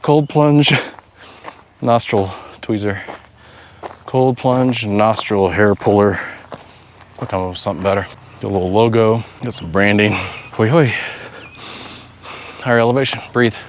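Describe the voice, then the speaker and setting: A man narrating a casual outdoor travel vlog, joking to himself while he explores a lake and drives a rough road. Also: fairly low pitch, steady tone, normal speed, pauses often, a little hiss or hum. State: out of breath at altitude. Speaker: travel vlogger. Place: outdoors by a mountain lake and in a vehicle.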